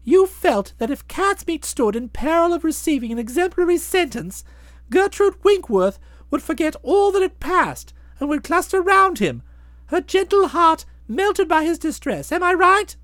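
A woman voicing a chatty, self-satisfied young gentleman in a bouncy, wordy way. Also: very high voice, very animated, moderate pace, no room sound, exaggerated voice. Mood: breezy. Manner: bouncy, wordy, fond of flowery phrases. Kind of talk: audiobook drama, narrating and voicing the hero.

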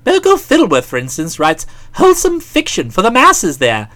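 A woman reading an audiobook who voices a breezy, chatty young English gentleman in a bright, jaunty manner. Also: mid-range voice, huge pitch swings, normal speed. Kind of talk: audiobook character voice.

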